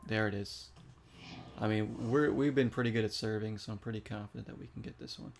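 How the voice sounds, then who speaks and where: A man's voice: fairly low pitch, steady tone, fairly quick, a little hiss or hum. Chatty man commentating his gameplay. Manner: chatty, reacts aloud to the game. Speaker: gaming streamer.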